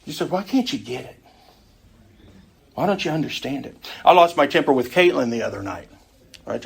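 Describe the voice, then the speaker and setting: A man's voice: mid-range voice, gravelly, a bit bright, slightly rough. A middle-aged man teaching an adult Sunday school class in a conversational way, often putting questions to the group.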